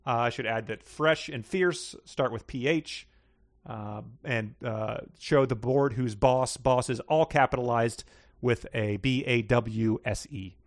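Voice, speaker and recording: A man's voice: medium pitch, a little slow, dry recording, clean studio sound. A man hosting a guessing game, reading passages aloud and going over answers in a playful, stumbling way. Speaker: game host.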